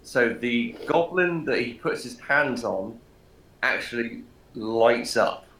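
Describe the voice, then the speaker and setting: A man playing a tabletop game, eager and thinking out loud, often repeating himself as he plans. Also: mid-range voice, lively intonation, slow pace, reverberant, rough recording. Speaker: player.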